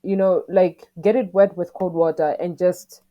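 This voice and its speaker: Her lowish voice holds a steady tone at normal speed as this young woman, a podcast co-host from southern Africa, emotionally recounts her story. She quotes the back-and-forth with staff in an earnest way. The sound is lo-fi.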